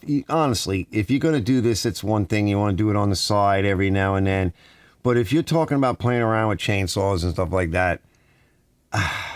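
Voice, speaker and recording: During a relaxed live stream, a middle-aged man chats casually, meandering from story to story and constantly adding "right?" and "you know." His pitch varies widely, climbing high when he gets excited, and the sound is dry and close with no echo or room.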